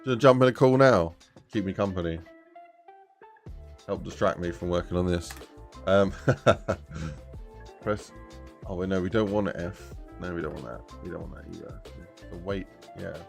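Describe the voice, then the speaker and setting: A man's voice: sits low, a little slow, vocal fry, pauses often, darkish tone, faint music behind. A man chatting casually on a live stream while he builds a game map, thinking aloud and talking to his chat in a rambling way.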